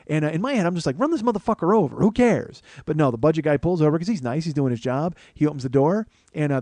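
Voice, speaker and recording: A man's voice: on the high side, dark tone, no echo. A man telling a comic story as a podcast host, profane and ranting with mock paranoia.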